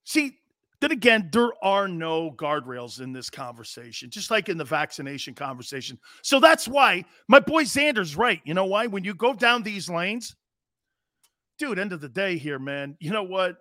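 A man with a high, bright, pushing voice holds forth as a sports talk host. He is blunt and profane, hammering the same points over and over. The sound is close and dry, with no room around it. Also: sing-song, moderate pace, dry recording. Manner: blunt, profane, repetitive and heated. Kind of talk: opinionated live sports talk rant.

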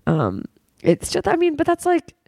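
A young woman in casual chat, telling an animated story and acting out the quotes, swearing freely. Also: very high-pitched, normal speed, vocal fry, no room sound.

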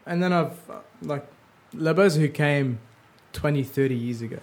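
A man chatting in a relaxed way and often calling the other man bro. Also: fairly high pitch, normal speed. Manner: relaxed, says bro a lot. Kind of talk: casual chat.

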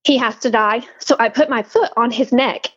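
A woman from the South Carolina mountains with a Southern accent, a podcast guest telling stories in a lively, laughing way. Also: on the high side, moderate pace, husky, lo-fi sound. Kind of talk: casual storytelling. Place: Florida.

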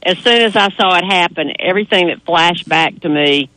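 A woman's voice: lowish voice, normal speed, bright, forceful tone, no echo, low-quality recording. A woman on a racing panel, chatting enthusiastically and sometimes hesitating as she weighs her picks. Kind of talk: casual chat about racing.

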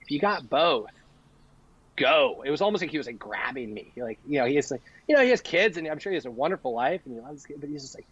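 Muffled, slightly high-voiced storytelling man. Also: rapid-fire, hardly any pauses, breathy edge, no room sound. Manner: animated, acts out quoted dialogue. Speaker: podcast guest. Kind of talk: casual storytelling.

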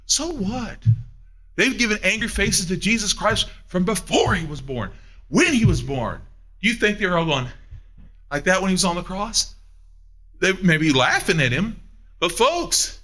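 A man preaching a sermon, emphatic, asking the listeners questions and swinging between loud and hushed. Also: sits high, sing-song, moderate pace. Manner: asks the audience questions.

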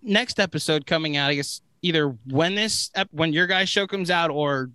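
Bright-voiced chatty podcast guest, a man. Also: fairly high pitch, moderate pace, smooth, no room sound. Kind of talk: casual podcast chat.

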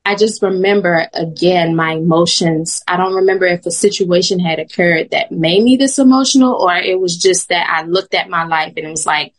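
A woman guest sharing a personal faith testimony in animated storytelling that is often broken by laughter. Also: fairly low pitch, moderate pace, hardly any pauses. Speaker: podcast guest.

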